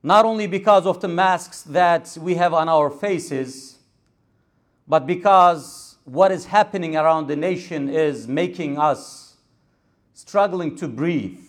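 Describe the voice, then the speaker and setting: Male imam, fairly high voice, rhetorical pulpit sermon with Arabic passages. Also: takes it slowly. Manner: rhetorical, repetitive cadence with Arabic recitation. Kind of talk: Friday sermon. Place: mosque pulpit.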